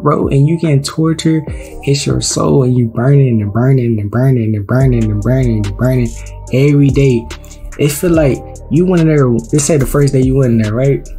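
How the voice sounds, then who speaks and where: A man's voice: mid-range voice, normal speed, mellow, soft background music. A man reacting to a clip, explaining and preaching in casual slang and repeating his points. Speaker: reaction video host. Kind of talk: reaction commentary.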